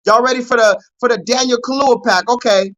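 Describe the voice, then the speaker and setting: A young adult man hosting a live call-in stream, ranting loudly and profanely at the chat and mocking his target. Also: very high voice, fairly even intonation, fairly quick, rough recording. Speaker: livestream host.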